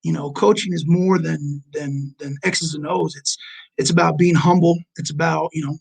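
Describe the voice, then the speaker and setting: A man in his forties, a basketball coach, telling an earnest story over a remote call with halting restarts. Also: on the high side, steady tone, vocal fry, darkish tone, slightly rough, low-quality recording. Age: 40s. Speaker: junior college basketball head coach.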